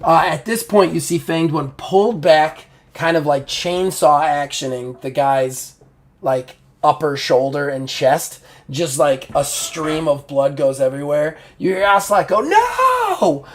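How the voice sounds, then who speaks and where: A man's voice: on the high side, fairly even intonation, unhurried. A man running a tabletop game as game master, narrating in a casual, rambling way.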